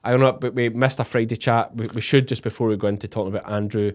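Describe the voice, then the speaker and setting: A Scottish man hosting a podcast in easy, chatty style. He trades jokes and teasing banter with his co-host, and his voice sits at an ordinary middle pitch. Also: fairly even intonation, quick pace, darkish tone. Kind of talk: casual chat.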